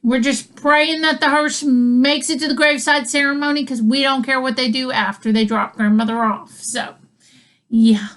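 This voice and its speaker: A female comedian tells a funny story in a rambling way, breaking off for asides and chuckling between lines. Her voice sits high and fairly bright, with fairly even intonation and a moderate pace.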